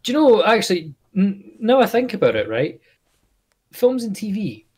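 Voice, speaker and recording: A man's voice: sits high, a little mellow, husky. A Scottish man co-hosting a podcast in casual chat, rambling with many fillers and restarts. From Scotland. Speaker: podcast co-host.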